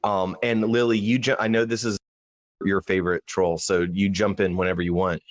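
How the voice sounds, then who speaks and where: A man's voice: deep voice, flat delivery, moderate pace, no echo. A man co-hosting a podcast, chatting casually and rambling with frequent restarts. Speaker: podcast co-host. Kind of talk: casual chat.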